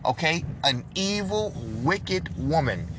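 A man in a car delivering an impassioned, preachy monologue, swinging between loud outbursts and low hushed lines. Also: animated, takes it slowly, noisy background.

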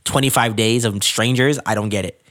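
A man's voice: on the low side, steady tone, fairly quick, fairly bright tone. A man co-hosting a casual chat who animatedly retells a reality show, laughing through his lines and stretching out his disbelief. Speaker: podcast co-host.

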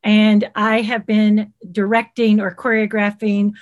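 A woman's voice: mid-range voice, a little slow. A middle-aged woman with a Southern US accent, telling stories in a casual interview and acting out the people she quotes. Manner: lively, animated, acts out quoted voices. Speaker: guest, children's TV creator.

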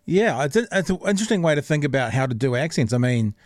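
A man's voice: mid-range voice, sing-song, fast talker, no room sound, clean studio sound. A man hosting a podcast, chatting casually and rambling a little while he searches for words. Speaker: podcast host. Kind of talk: casual chat.

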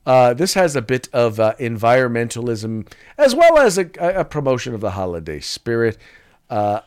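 Man, podcast co-host, animated pitch, casual political chat, acts out quotes. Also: moderate pace, clean tone.

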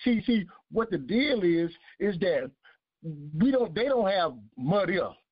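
A man's voice: high voice, very animated, unhurried, slightly rough, no room sound. A man, giving earnest testimony with a preaching cadence, repeating his key phrases. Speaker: guest. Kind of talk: emotional testimony. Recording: dull lo-fi sound.

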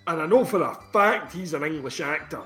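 A man chatting casually about films on a podcast, sweary and quick to laugh. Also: fairly high pitch, soft background music. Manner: sweary, laughing, animated film chat. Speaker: podcast co-host. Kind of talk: casual chat.

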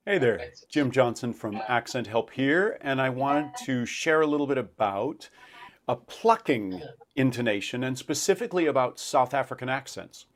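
A man's voice: mid-range voice, expressive, normal speed. A man working as a dialect coach for actors, explaining pronunciation and demonstrating sounds as he talks. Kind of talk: instructional talk to camera.

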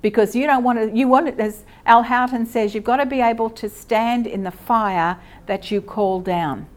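A middle-aged Australian woman giving a lively, conversational church teaching and asking her listeners questions. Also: a little high, moderate pace. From Queensland, Australia. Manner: lively, asks the audience questions.

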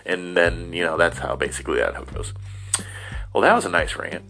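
A middle-aged vlogger from Ohio, USA, rambles through a casual, self-deprecating monologue, slipping into silly voices along the way. His voice sits low with vocal fry, pushed and bright, at a moderate pace.

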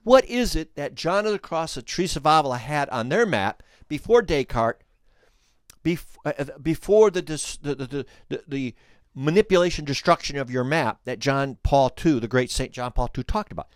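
A man hosting a podcast, telling a story in an animated way, restarting phrases and speaking straight to the listeners. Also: on the high side, normal speed, no room sound, clean studio sound. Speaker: podcast host. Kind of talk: storytelling commentary.

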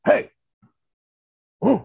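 A man's voice: drawn-out words, dark tone, no room sound. A man voicing a confused, primitive ape man who grunts out broken, short questions. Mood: puzzled.

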